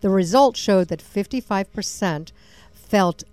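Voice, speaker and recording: A woman co-hosting a radio talk show, chatty and quick to laugh while reading out survey figures. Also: mid-range voice, a little mellow, clean tone, dry recording. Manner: chatty, laughs often, reads figures aloud. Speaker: radio co-host.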